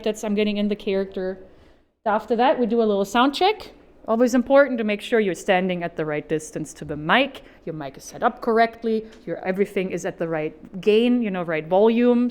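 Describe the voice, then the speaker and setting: Woman, voice actor, panel speaker; bright-pitched, chatty and practical, upbeat with jokes. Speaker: voice actor giving a convention panel talk. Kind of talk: informal how-to presentation. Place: convention panel stage.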